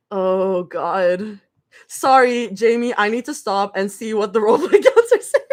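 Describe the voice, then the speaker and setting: A high-pitched young woman reacting live on a stream. She shrieks and laughs, and her voice jumps all over the place. Between the outbursts she slows down and stretches her words. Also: sing-song, dry recording, clean studio sound. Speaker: streamer reading fan fiction. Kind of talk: excited live reading reaction.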